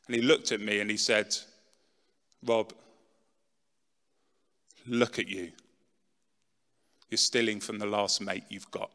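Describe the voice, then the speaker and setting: A middle-aged man giving a dramatic personal testimony talk, swinging from loud, pushed lines to hushed ones. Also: lowish voice, steady tone, takes it slowly, long pauses. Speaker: speaker telling his testimony. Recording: long reverb in a large hall.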